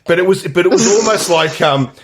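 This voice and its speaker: A man's voice: high-pitched, expressive, a little fast, a little hiss or hum. A man co-hosting a casual movie podcast, rambling through his points with many fillers and restarts. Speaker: podcast co-host. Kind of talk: casual movie review chat.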